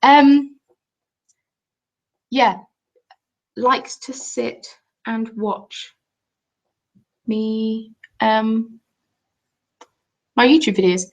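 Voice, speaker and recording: A woman's voice: a little high, extremely slow, pauses often. Chatty woman rambling on a live stream. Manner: chatty, rambling, reads out and answers chat comments. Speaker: craft YouTuber.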